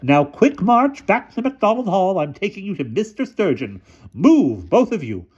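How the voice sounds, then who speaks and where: A man reading aloud, voicing a shrill, indignant old headmistress with a high, imperious voice. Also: very animated, moderate pace, darkish tone, breathy edge, lo-fi sound, full character voice.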